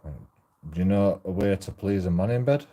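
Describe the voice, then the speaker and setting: Low, very dark-voiced rambling man. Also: a little fast. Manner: rambling, profane, self-interrupting. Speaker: auditor vlogger. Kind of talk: rambling casual monologue. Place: outdoors while walking.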